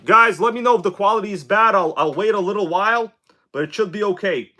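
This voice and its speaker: A man hosting a casual live stream, chatting excitedly with viewers and reading their comments aloud. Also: high-pitched, fast talker. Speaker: RC car livestream host.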